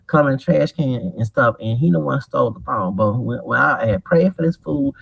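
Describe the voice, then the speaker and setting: A man in his forties telling a rambling, profane story in an animated vlog monologue. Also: mid-range voice, normal speed, vocal fry, husky, dry recording. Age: 40s. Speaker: vlogger. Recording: distant mic with loud background noise.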